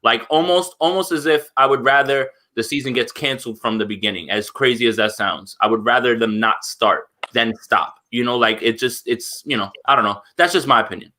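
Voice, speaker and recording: A man's voice: mid-range voice, a little fast, few pauses, sharp tone. A man co-hosting a sports podcast, giving earnest opinions in a casual, thinking-aloud way. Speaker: podcast co-host. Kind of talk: casual chat.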